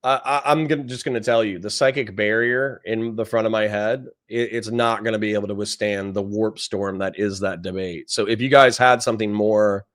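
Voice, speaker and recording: A young man streaming, reading out chat and reacting with blunt, profane commentary that repeats phrases for effect. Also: lowish voice. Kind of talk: casual livestream commentary.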